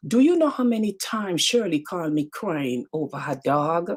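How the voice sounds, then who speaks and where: A woman from the Caribbean islands, speaking with a Caribbean English accent, hosts a live motivational talk and addresses her viewers directly. Her voice is lowish and slightly rough, very animated at a normal speed, and she's emphatic, repeating phrases.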